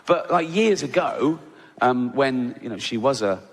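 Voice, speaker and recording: A man's voice: mid-range voice, animated, measured pace, a little hiss or hum. A middle-aged Englishman doing stand-up comedy in a cheeky, rambling, self-interrupting way, in a large live venue. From England. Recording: loud live audience laughter.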